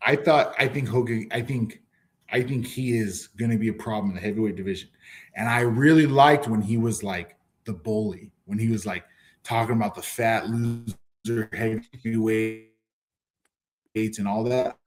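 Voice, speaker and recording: A man co-hosting a combat sports podcast, chatting casually in a relaxed, agreeable way and laughing as he talks. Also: on the low side, moderate pace. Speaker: podcast co-host.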